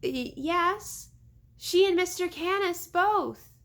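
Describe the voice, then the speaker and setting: Brief: high, bright little girl, eager and bossy, read by a woman. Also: slow, full character voice. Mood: urgent.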